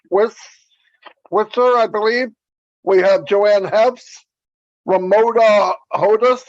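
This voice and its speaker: A man hosting a livestream, relaxed and easygoing, who opens the show and reads viewer shout-outs over a video call. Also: high voice, muffled recording. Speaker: host.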